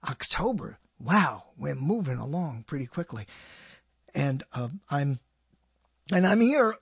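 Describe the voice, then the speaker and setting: A man's voice: fairly high pitch, sing-song, slow pace, gravelly, slightly rough, dry recording. An older man hosting his own radio show, rambling and joking to himself, often breaking off mid-sentence. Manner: rambling, self-interrupting, joking. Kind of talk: rambling solo monologue.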